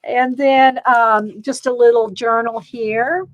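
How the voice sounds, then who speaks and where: A woman's voice: fairly high pitch, fairly even intonation, slow, poor audio. A woman casually chatting through an art supply haul, rambling, reading viewer comments aloud and laughing a little. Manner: frequent fillers and little laughs. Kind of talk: casual live-stream chat.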